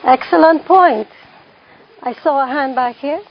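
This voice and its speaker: High-voiced gravelly woman teaching class. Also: a little slow, highs cut off, a little hiss or hum. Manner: repeats key phrases, emphatic. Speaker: parenting class instructor. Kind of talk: classroom teaching with questions to the audience.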